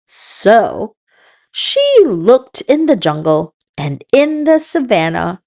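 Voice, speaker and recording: A woman hosting a children's read-aloud, telling the story in a slow, encouraging teacher's manner. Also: medium pitch, sing-song, gravelly, a little mellow. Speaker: children's book reader and host.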